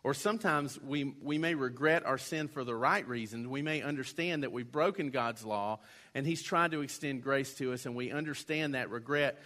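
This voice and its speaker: A man's voice: mid-range voice, moderate pace, bright, forceful tone. A man preaching a sermon in a conversational way, acting out quoted voices now and then. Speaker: pastor.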